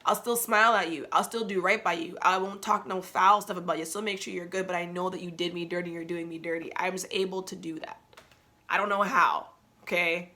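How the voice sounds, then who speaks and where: A young adult woman hosting a podcast, telling a personal story in a candid, slangy, animated way. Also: lowish voice, brisk. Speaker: podcast host.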